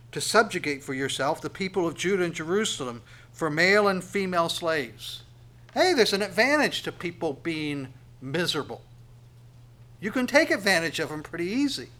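A man preaching a sermon. He reads verses aloud slowly, then explains them in a plain conversational tone, swinging between loud emphatic reading and quiet asides. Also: fairly high pitch.

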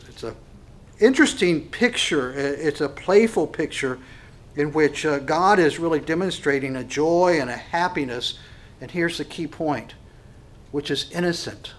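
Male pastor, slightly high voice, emphatic sermon delivery with big dynamic swings. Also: lively intonation, moderate pace. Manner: emphatic, varies volume, repeats phrases.

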